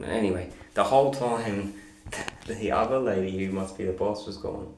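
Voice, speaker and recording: A man's voice: on the low side, normal speed, a little mellow, reverberant. A young man telling a story in a casual vlog, rambling and swearing freely.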